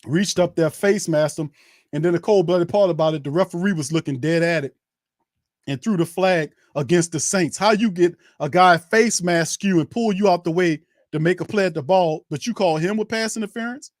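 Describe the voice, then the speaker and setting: A fired-up man calls a game as a fan host, ranting hotly with repeated words and stumbles. His voice sits a touch high for a man and comes through dry and close to the mic. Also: moderate pace, no room sound. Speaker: host of a fan watch party. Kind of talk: live fan play-by-play commentary.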